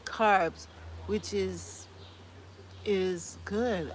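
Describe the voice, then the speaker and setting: Her voice is fairly high and animated, her pace slow, with a little hiss or hum in the audio. She's an American host of a casual gardening live stream who reads comments aloud and laughs easily while chatting back.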